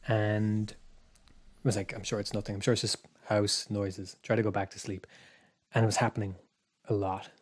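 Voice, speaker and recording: A man casually telling a spooky story on a podcast, rambling with restarts and dropping to a hush for his own thoughts. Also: fairly low pitch, little pitch movement, moderate pace. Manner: rambling, restarts, quiet asides when recalling his thoughts. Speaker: podcast co-host.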